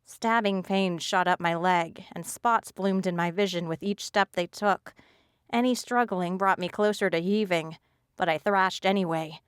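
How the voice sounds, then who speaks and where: A woman reads a fantasy novel aloud in a measured, even way. Her voice is smooth and clear, recorded dry and close with no room around it. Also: fairly low pitch, dry recording. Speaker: audiobook narrator. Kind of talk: scripted narration.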